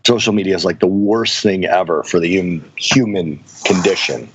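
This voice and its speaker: A man's voice: deep voice, moderate pace, fairly bright tone, slightly rough, highs cut off. A man co-hosting an investing podcast who rants with strong opinions in a casual way. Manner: opinionated and ranting. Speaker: podcast co-host.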